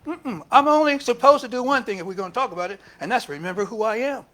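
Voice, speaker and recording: High-voiced man preaching a lively sermon. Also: fast talker. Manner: lively, talks back and forth with the congregation. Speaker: minister. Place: church service.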